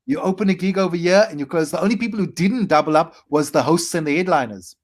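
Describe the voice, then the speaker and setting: A South African man in his forties, a comedian guest, telling animated stories with quick asides. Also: on the high side. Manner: animated anecdotes with quick asides and playful acted quotes. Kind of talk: storytelling interview.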